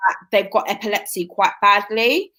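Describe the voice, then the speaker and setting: A woman hosts a casual interview in an ordinary mid-range voice. She talks in a relaxed way and keeps affirming what her guest says. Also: medium pitch, moderate pace. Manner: supportive, affirming. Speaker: talk show host.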